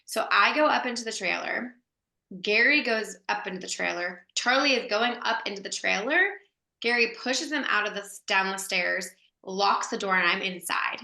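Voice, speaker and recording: Bright, chatty woman in an echoey room. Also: mid-range voice, moderate pace, creaky. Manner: chatty, lots of "like" fillers, laughs while telling. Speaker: guest actress. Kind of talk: animated anecdote storytelling.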